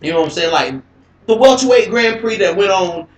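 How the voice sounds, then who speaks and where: A man hosting a casual mixed martial arts talk show. He rambles, curses and repeats himself as he gets excited. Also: high-pitched, brisk. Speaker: host of MMA talk show. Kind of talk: casual live-stream commentary. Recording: echoey live-stream audio.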